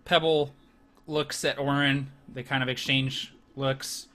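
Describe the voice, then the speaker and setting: A man at a tabletop game calmly describes what his gnome character does. His voice is bright and clear-edged, and his pitch sits in the middle. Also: slow. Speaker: player.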